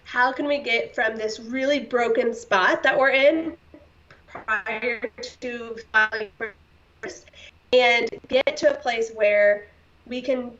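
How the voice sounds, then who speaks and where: A woman's voice: fairly high pitch, slow, fairly bright tone. A woman guest on a podcast, telling a hard personal story in an earnest, heartfelt way, with many fillers and the odd short laugh. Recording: slightly distant, dull-sounding.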